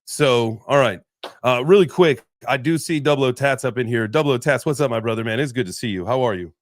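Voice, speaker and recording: A man's voice: medium pitch, brisk, slight background noise. A man hosting a casual live crypto chat, laid-back and chatty, greeting guests as brother. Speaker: host.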